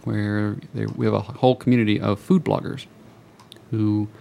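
Low gravelly-voiced man chatting. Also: level tone, mellow. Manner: halting, repeats words. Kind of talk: casual group chat.

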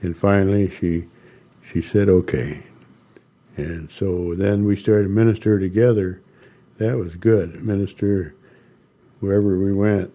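Older man, low mellow voice, unhurried halting storyteller with chuckles. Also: steady tone. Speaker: interviewee recounting ministry. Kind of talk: storytelling interview.

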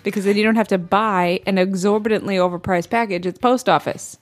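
Woman cohosting a radio show, chatty and playfully exasperated, mid pitch voice. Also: fairly even intonation, fast talker, soft background music. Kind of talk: casual banter with her husband.

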